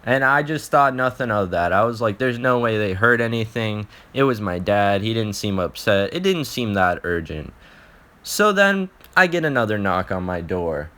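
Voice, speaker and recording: A man's voice: on the low side, big pitch swings, normal speed, bright, forceful tone. A young man telling an embarrassing personal story in a casual, profane vlog, often restarting his sentences.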